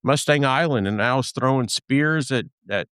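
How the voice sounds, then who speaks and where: A man's voice: medium pitch, moderate pace, a bit bright, clean tone, no room sound, studio quality. A man from Texas hosting a podcast in casual chat, rambling with lots of fillers and restarts. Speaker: podcast host.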